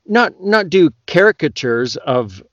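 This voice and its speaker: A Canadian man, an audiobook narrator, talking loudly and excitedly as a podcast guest. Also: on the high side, unhurried, no echo, highs cut off. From Western Canada. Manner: loud, excitable talker. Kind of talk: casual podcast chat.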